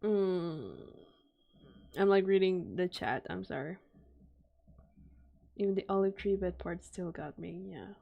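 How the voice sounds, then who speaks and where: A woman's voice: on the low side, slow, gravelly, long pauses, narrow, tinny audio. A woman streamer reacting live and talking to her chat, gushing with emotional exclamations.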